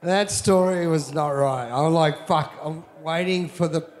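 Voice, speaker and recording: A middle-aged man, a former pro surfer guest, telling stories in a profane, animated way at a live event. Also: on the high side, a little slow, in a large hall, slight background noise. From Australia. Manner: swears constantly, acts out other voices. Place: live event before an audience.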